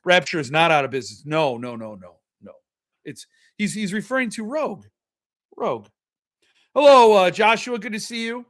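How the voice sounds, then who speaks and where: A man's voice: high voice, fairly quick. A man hosting his own show, ranting with sarcasm and profanity in a casual commentary. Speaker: podcast host.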